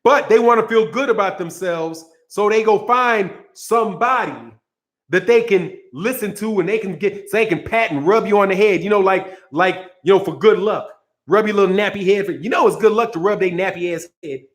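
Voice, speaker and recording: High-voiced man ranting heatedly. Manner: heated, profane, repeats himself, breaks into laughter. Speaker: boxing commentary channel host. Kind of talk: casual ranting commentary.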